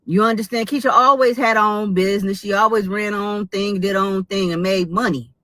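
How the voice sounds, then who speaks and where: A woman's voice: mid-range voice, steady tone, brisk, bright, forceful tone, no echo. A woman giving opinion commentary in a played clip, lecturing and repeating her points for emphasis.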